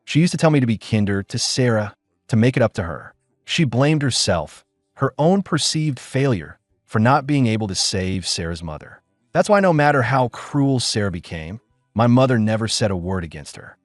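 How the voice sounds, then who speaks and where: A man's voice: mid-range voice, sing-song, moderate pace, no echo, studio quality. A man narrating a first-person audiobook drama in a weary, bitter tone.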